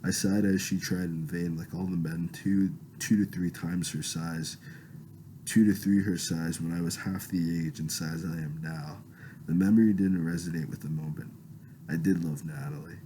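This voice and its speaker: A man reads his own first-person novel aloud in a low, dark voice. He keeps an unpolished, plain delivery, often stumbling and going back to correct himself. A faint ambient hum sits behind him. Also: steady tone, normal speed, low-quality recording. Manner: plain reading with frequent restarts and self-corrections. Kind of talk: first-person story reading.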